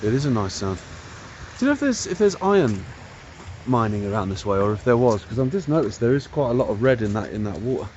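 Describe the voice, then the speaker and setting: A man's voice: mid-range voice, big pitch swings, fast talker, a little mellow, dull audio, slight background noise. A man hosting a walking vlog, thinking aloud about old railway features as he walks an old trackbed outdoors. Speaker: vlog host. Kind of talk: casual walking commentary.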